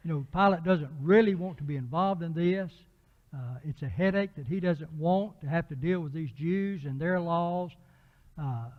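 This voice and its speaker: A man preaching an evening Bible lesson in church, explaining a passage with frequent fillers and restarts. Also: fairly high pitch. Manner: unhurried Bible teaching with many fillers and restarts. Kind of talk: sermon. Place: church auditorium. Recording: dull lo-fi church recording with long reverb.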